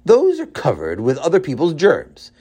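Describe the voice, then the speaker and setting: A man voicing a calm, sensible adult man who gently reasons with a friend. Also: fairly high pitch, normal speed, husky, dull audio, exaggerated voice. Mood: gentle.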